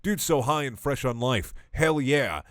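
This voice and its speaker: A young man reads fan fiction aloud for laughs and keeps breaking off into sarcastic, sweary rants. His voice sits at an ordinary middle pitch. The recording is dry and close, with no room around it. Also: expressive, a little slow, fairly bright tone, no room sound. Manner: exasperated, sarcastic, sweary ranting. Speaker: online comedy reader. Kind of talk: comedic dramatic reading with rants.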